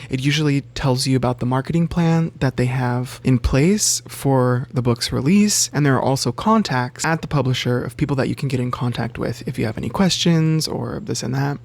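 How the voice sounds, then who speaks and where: A man talks casually to his camera in a loose, chatty vlog. His voice sits at an everyday middle pitch but leaps sharply upward when he gets worked up, and he swears freely as he goes. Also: darkish tone. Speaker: bookseller and book vlogger.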